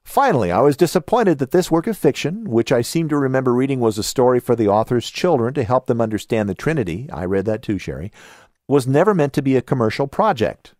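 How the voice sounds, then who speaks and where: A man's voice: medium pitch, sing-song, fast, darkish tone, no room sound, clean studio sound. A man with a Southern California accent hosting a podcast, reviewing a book casually and reading listener comments aloud with his own asides. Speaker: podcast host.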